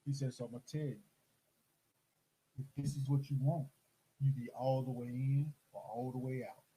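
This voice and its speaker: A middle-aged host tells a story in casual chat, animated and voicing the people in it. His husky voice is medium-pitched and moderately paced. The audio quality is poor.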